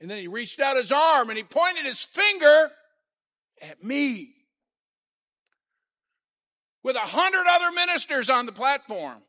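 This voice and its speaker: A male pastor preaching a sermon in church, dropping to quiet talk and rising to shouted call-and-response. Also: very high-pitched, sing-song, unhurried, pauses often.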